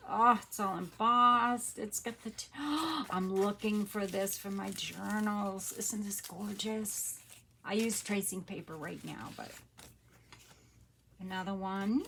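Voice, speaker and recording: A woman in her sixties hosting a casual craft unboxing, soft-spoken and often hushed, with gasps of delight. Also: mid-range voice, vocal fry, slight background noise. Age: 60s. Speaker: crafter and channel host.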